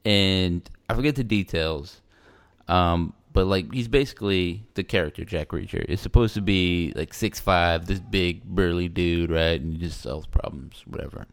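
A man, talking casually as a podcast co-host. His voice sits very low and has a gravelly texture. He rambles loosely and mocks himself along the way. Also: moderate pace. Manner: rambling, loose and self-mocking, with playful put-on quotes. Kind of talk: casual chat.

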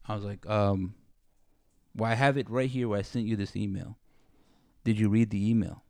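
A man's voice: fairly low pitch, fairly even intonation, moderate pace, darkish tone, dry recording. Man ranting in a dry studio. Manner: ranting, acts out both sides of arguments. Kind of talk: casual chat. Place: studio under bright lights.

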